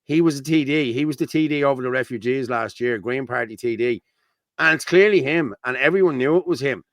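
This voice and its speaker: Reading viewer comments on a laid-back livestream, this Irish man from Dublin talks bluntly at a fairly quick pace. His voice is medium in pitch and a bit bright, and the recording is dry.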